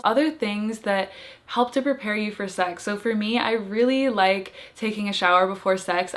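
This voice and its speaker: Young woman, frank advice vlogger, casual chatty delivery, medium pitch. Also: a bit bright. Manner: chatty and frank, laughs lightly. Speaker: video creator giving intimacy tips.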